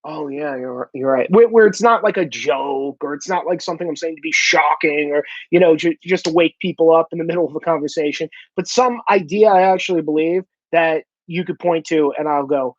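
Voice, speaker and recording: A man's voice: a little high, fairly quick, few pauses. A blunt man rants straight to the camera and swears freely as he goes. He keeps breaking into mocking impressions of other people. His voice sounds dull and muffled, with a dry, close sound and no room echo. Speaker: vlogger. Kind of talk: casual profane monologue.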